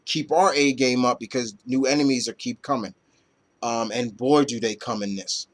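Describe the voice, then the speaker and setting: A man reviewing comic books in a loose, rambling chat full of fillers and casual swearing. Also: medium pitch.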